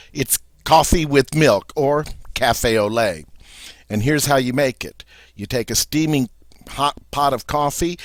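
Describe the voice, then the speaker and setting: Brief: male teacher, dry close recording, lively pitch, slow drill-style delivery. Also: no echo. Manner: repeats each French word three times, slow and deliberate. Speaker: French teacher. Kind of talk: vocabulary lesson with repeat-after-me drills.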